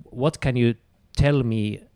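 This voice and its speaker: A man's voice: mid-range voice, slow, dark tone, clear, resonant tone, no room sound. A man interviewing a guest, stammering and repeating words as he asks questions.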